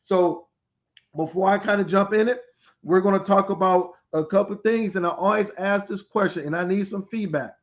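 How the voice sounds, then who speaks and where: Energetic high-voiced man hosting a podcast. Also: normal speed. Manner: energetic, repetitive, hypes the audience. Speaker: podcast host, school turnaround specialist. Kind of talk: live-stream podcast greeting viewers. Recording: slightly dull lo-fi audio.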